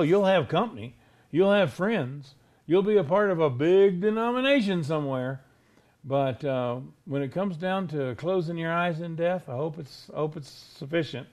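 A man preaching a sermon, emphatic, asking rhetorical questions and slowing down hard on key words. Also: a little high, darkish tone. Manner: emphatic, rhetorical questions, drawn-out slow stresses.

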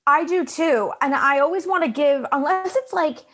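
A woman in her late twenties talks in a casual podcast chat. Her voice sits a little high. She is chatty, candid and swears freely. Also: normal speed, a bit bright. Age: late 20s. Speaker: comedian guest.

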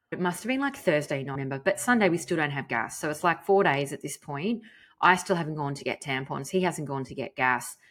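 A woman's voice: deep voice, a bit bright. An Australian woman hosting a podcast, telling a personal story in a chatty, candid way with the odd casual swear. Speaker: podcast host.

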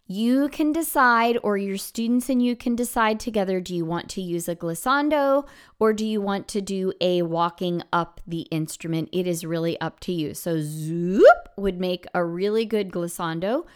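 A female music teacher hosts an instructional podcast, walking through classroom activities step by step and swooping her voice high and low to demonstrate. She speaks smoothly at a moderate pace.

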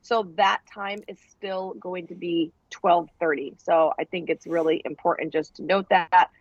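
A woman's voice: fairly low pitch, fairly even intonation, unhurried, no echo, dull audio. A woman co-hosting a casual podcast, chatty, announcing upcoming track events with some fillers.

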